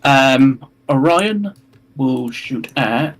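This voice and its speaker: A man's voice: medium pitch, lively intonation. A man playing a tabletop naval wargame, hesitantly announcing which ship fires at which. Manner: hesitant, pauses with ums before moves. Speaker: player. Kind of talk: casual tabletop game chat.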